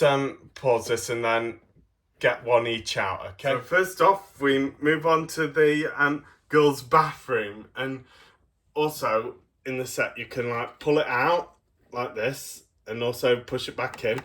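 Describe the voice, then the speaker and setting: A man's voice: mid-range voice, a bit bright. A young man giving a casual review of a toy set, rambling and hesitant with many ums.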